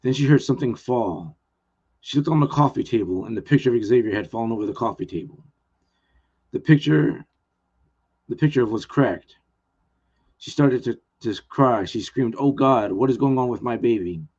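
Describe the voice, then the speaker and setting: A man's voice: medium pitch, lively intonation, moderate pace, long pauses, a little mellow, breathy edge, highs cut off. Earnest man reading his own novel. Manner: plain, earnest reading with small restarts. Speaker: author.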